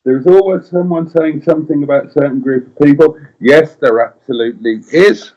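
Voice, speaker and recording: With a fairly high pitch but a dark tone, a middle-aged Welsh-accented man speaks at a moderate pace while co-hosting a casual live-stream chat. He's wry and playful, reading out comments from viewers. The recording sounds dull and lo-fi.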